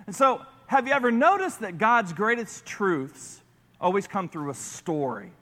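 A man preaching a sermon as a pastor, playful and animated as he talks to the congregation. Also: high voice, measured pace, in a large hall.

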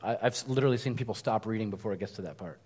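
A man preaching a sermon, telling a parable in a conversational, animated way with frequent asides. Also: on the low side, racing, breathy edge. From United States. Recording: long hall reverb.

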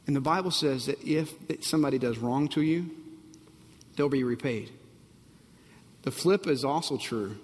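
In a large hall, a pastor with a medium-pitched voice preaches at a moderate pace, pausing often. He is emphatic and repeats phrases, frequently asking the congregation whether they are ready.

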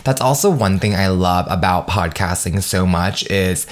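A man's voice: low-pitched, moderate pace. Young male podcast host from the States, bubbly and slangy, swears a lot and goes off on tangents. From United States. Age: 20s. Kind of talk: casual solo podcast monologue.

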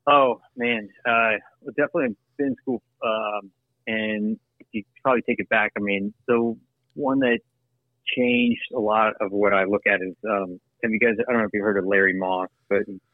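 A man's voice: fairly low pitch, normal speed, dry recording. Guy talking about acting and producing, dry close sound, phone-line audio, lots of laughs and restarts. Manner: animated, laughs often, many restarts. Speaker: actor and producer, interview guest. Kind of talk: casual interview conversation.

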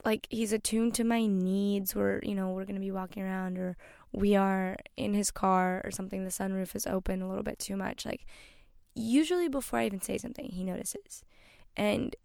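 Young woman, podcast host, gravelly fry, dry close sound, chatty with lots of likes. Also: medium pitch, steady tone, normal speed, darkish tone, dry recording. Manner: loose and chatty, many likes and you-knows. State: emotional, near tears. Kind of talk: casual solo podcast talk.

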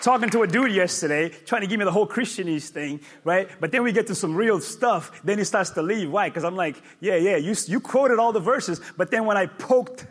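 A male pastor preaching a sermon, emphatic and repetitive, with sudden loud peaks. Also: sits high, fairly quick, hardly any pauses, some chatter behind.

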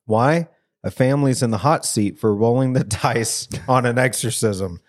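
A man's voice: medium pitch, moderate pace. A man hosting a podcast and telling a story in a casual, jokey way, laughing often, recorded on a studio mic. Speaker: podcast host.

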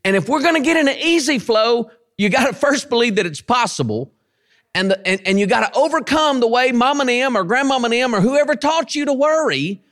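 A man preaching with a high, lively voice that swings widely in pitch. He stretches his key phrases out slowly and repeats them for emphasis. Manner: animated preaching, drawn-out emphatic repetitions. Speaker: pastor and station head. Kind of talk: sermon.

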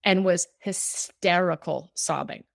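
A woman's voice: on the low side, takes it slowly, gravelly, no room sound, studio quality. Heartfelt rambling woman storyteller. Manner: heartfelt, rambling, many fillers like "like". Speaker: cancer survivor guest. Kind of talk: personal storytelling in conversation.

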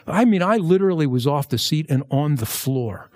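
Chatty higher-voiced male pastor. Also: moderate pace, no room sound. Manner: conversational, jokey asides, lively emphasis. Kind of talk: verse-by-verse sermon.

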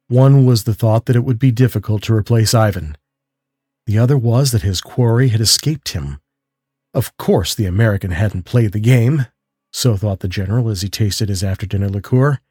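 A man who hosts a story show, reading a calm mystery tale aloud at a measured, steady pace. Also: lowish voice, husky, dry recording, clean studio sound. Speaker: narrator and host of a story show. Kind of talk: calm audiobook story narration.

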